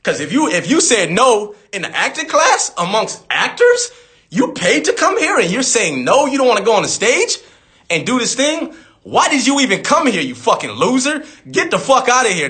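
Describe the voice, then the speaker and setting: A man's voice: high-pitched, sing-song, normal speed, bright, forceful tone. A man in his thirties on a live stream, talking casually and telling a story with lots of swearing and acted-out quotes. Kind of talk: casual livestream talk. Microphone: phone on a live stream.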